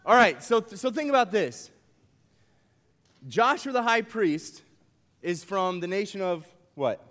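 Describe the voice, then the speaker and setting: A young man preaching to a youth camp with a playful, animated delivery, joking with the audience in a large hall. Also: sits high, takes it slowly, pauses often. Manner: playful, animated, uses props and jokes with the crowd. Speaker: camp speaker. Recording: long hall reverb.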